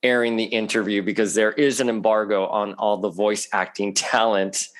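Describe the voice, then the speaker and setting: A man talking as a guest on a podcast in a chatty, animated way, laughing often. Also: lowish voice, moderate pace. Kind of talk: casual podcast chat.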